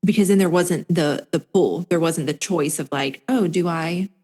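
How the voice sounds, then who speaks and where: A woman's voice: low-pitched, normal speed, mellow, slightly rough. A woman guest on a podcast, talking reflectively and hesitantly with many filler words. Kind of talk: casual conversation. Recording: long reverb.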